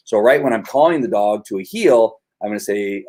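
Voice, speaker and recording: A man's voice: fairly low pitch, moderate pace, few pauses, darkish tone, slight background noise. A middle-aged man, a dog trainer, explaining his training methods in casual conversation, telling stories with frequent restarts.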